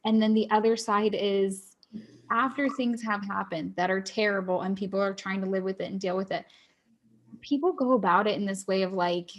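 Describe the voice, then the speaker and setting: A woman's voice: medium pitch, fairly even intonation, normal speed, dull audio. A young woman co-host reflecting earnestly in a casual discussion, thinking aloud as she talks.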